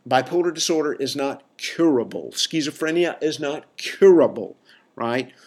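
A man's voice: medium pitch, expressive, moderate pace, darkish tone. A man who works in mental health, giving a casual, emphatic talk to his listeners, full of "right?" asides and mocking quoted voices. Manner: conversational, many fillers and "right?" asides. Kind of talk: casual lecture to an audience.

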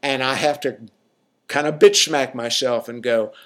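A man's voice: medium pitch, measured pace. A man from the American South with a Southern accent, rambling in a casual spoken monologue to his listeners, full of slang and asides. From Southern United States. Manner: rambling, colloquial, talks to listeners with frequent "right?".

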